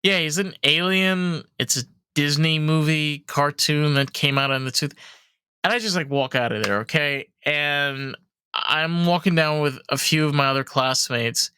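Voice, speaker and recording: A young man hosting a podcast, telling animated, profanity-laced stories in casual chat full of fillers. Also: on the high side, a little slow, smooth, no room sound. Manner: animated storyteller, swears freely, many fillers. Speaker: podcast host.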